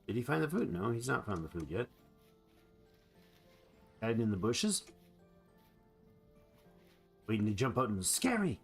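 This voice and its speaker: A man's voice: mid-range voice, big pitch swings, unhurried, vocal fry, pauses often, breathy edge, soft background music. A man giving playful, rambling let's play commentary on a survival game, chatting to the animals he meets. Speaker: gamer.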